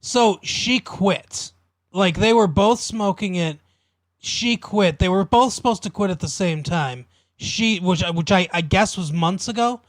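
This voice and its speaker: A man's voice: sits high, no echo. A man co-hosting a podcast, casually retelling a TV episode with lots of fillers. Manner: relaxed, drawn-out retelling with many fillers. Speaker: podcast co-host. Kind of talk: casual chat recapping a TV episode.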